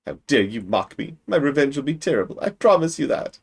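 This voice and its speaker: A man's voice: mid-range voice, sing-song, fairly quick, creaky, pitched above the performer's own voice. A man reading a haughty, menacing villain. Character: arrogant male villain servant of a nameless master. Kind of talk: reading game dialogue aloud in character.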